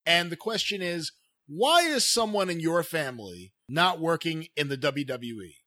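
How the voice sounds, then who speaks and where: A man's voice: a little high, expressive, moderate pace, pushed and bright, no echo, studio quality. A man hosting a podcast, reading out a listener question in a chatty way. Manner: chatty, unsure of a name. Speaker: podcast host.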